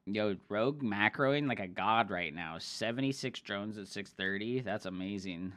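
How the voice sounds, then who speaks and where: A male streamer casting a match in a loose, profane, excitable style. His voice is bright and forceful, with a tense edge that cuts through the chatter. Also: on the low side, normal speed. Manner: swears a lot, loose and excitable. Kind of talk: casual game commentary.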